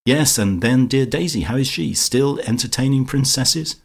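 A man's voice: medium pitch, moderate pace, gravelly, breathy edge, voice pushed up. A man voicing an imperious, catty woman who rules village society, speaking with sugary, sarcastic malice in an audiobook. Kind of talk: audiobook character voice.

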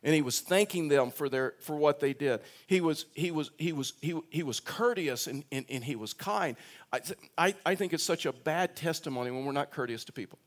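A pastor preaches a sermon in a conversational style, his voice on the high side, expressive and fairly quick. He tells a personal story, often repeating words and restarting, and raises his voice for emphasis.

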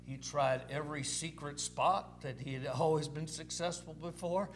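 A man's voice: fairly high pitch, fairly even intonation, normal speed, slight background noise. A male pastor preaching a sermon in a folksy, repetitive storytelling way, dropping in "amen"s.

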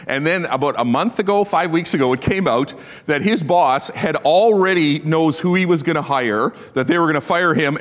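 Animated pastor in a reverberant hall. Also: male voice, medium pitch. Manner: animated storytelling, laughing at his own asides. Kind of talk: sermon. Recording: long reverb of a large hall.

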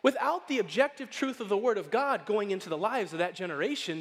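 A man preaching a sermon as pastor, animated and playful, acting out quoted voices as he goes. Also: high-pitched, fast, few pauses. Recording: long hall reverb.

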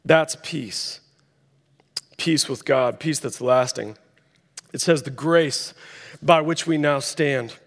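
A pastor with a medium-pitched voice preaches slowly, pausing often, in the long reverb of a large hall. His sermon tells a story with dramatically voiced quotes.

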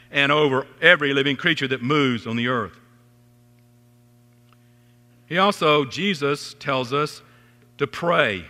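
A middle-aged pastor preaches with a bright, forceful voice that carries a long echo through a large church hall. He talks earnestly, climbing on his questions and dropping low and quiet over scripture. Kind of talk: sermon.

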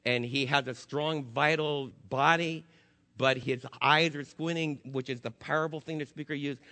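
Male pastor, impassioned sermon delivery, slightly high voice, reverberant church sound. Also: steady tone, normal speed. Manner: impassioned, swinging from loud to hushed. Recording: long hall reverb.

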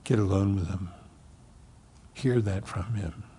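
A man preaching a sermon, swinging from loud emphasis to hushed near-whispers. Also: deep voice, slow pace, long reverb tail, slight background noise. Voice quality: gravelly, husky voice. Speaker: pastor.

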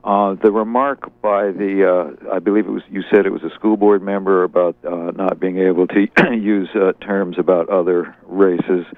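A man's voice: sits low, steady tone, moderate pace, hardly any pauses, no echo. A man calling into a radio show, talking thoughtfully with many fillers over a tinny phone line. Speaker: radio caller. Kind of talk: phone-in comment.

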